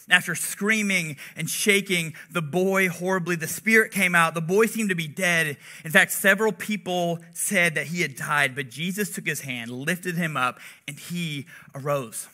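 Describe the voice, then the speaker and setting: A young man gives a laid-back sermon, chatting like a friend rather than a pulpit orator. His voice sits high and sounds very bright and forceful. He peppers his talk with "like" and personal stories. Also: normal speed, few pauses. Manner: chatty, relatable, heavy use of "like". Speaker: preacher. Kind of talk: casual conversational sermon.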